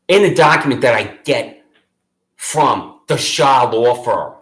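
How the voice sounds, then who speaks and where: A man's voice: mid-range voice, expressive, slow, fairly bright tone, reverberant, rough recording. A man making an impassioned public complaint against local officials, accusatory, sarcastic and repetitive.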